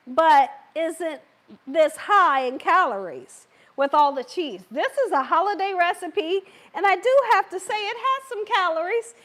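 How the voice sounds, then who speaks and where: Woman cooking host, live stream, high, bouncy voice, playful and chatty with her viewers. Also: fairly bright tone. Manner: chatty, talks directly to viewers and live chat; playful, laughs and cheers herself on.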